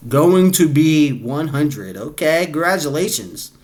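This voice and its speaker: A man's voice: on the high side, lively intonation, a little slow, a little mellow. A man hosting a reaction video, chatting casually and laid-back, laughing often and calling people "bro". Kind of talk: casual chat reacting to clips.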